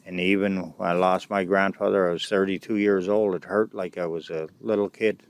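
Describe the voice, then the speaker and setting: A middle-aged man with a deep, low voice tells personal stories in a relaxed, unscripted way. He stops and restarts often and keeps circling back with side remarks. The sound is close and dry, with no room echo. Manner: halting and unpolished, with many restarts and "anyway" asides. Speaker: youth mentor recounting experiences. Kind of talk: casual personal storytelling.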